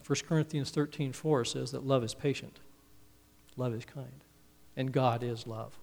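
A man preaching a Father's Day sermon, earnest and storytelling, his phrases trailing off softly. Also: mid-range voice, steady tone, unhurried, gravelly. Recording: reverberant hall, speaker a bit off-mic.

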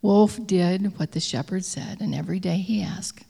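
A woman telling a story aloud, reading slowly and often dropping to a soft whisper. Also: lowish voice, gravelly, breathy edge, in a large hall.

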